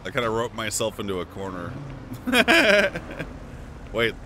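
An animated male streamer roleplaying in a game. His pitch swings widely as he jokes in a theatrical way and laughs often, over noisy game audio. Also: a little slow.

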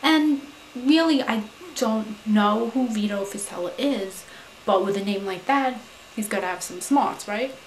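A woman playing a brash, foul-mouthed young Staten Island woman with a New York accent, who rants loudly and says "you know" a lot. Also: mid-range voice, unhurried, a little hiss or hum, close to an everyday voice. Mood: chatty, confident. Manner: loud, profane, indignant, full of "you know". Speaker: advice-giving vlogger character. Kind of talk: comic character monologue to camera. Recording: roomy echo.

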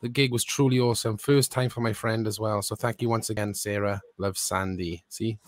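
A man co-hosting a podcast, reading out listener shout-outs in an upbeat, announcing way. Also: lowish voice, steady tone, brisk, dry recording. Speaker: podcast co-host.

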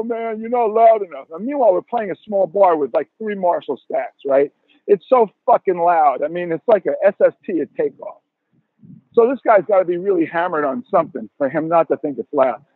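A man in his sixties, a guest musician telling profane, animated stories in a podcast interview over a tinny phone line. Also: high-pitched, dry recording.

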